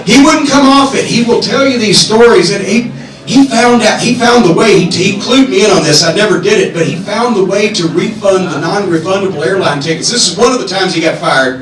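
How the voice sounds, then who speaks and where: A middle-aged man with a fairly high voice tells rambling, profane stories with lots of energy on a comedy club stage. The sound bounces around a very echoey room, and he is heard from some distance off the mic. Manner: profane, animated, rambling anecdotes. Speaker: podcast host. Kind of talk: live podcast storytelling.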